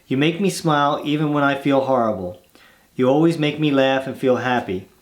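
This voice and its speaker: A man's voice: medium pitch, normal speed. Easygoing man reading fan mail aloud. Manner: easygoing, rambling asides with restarts. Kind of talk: casual chat, reading letters aloud.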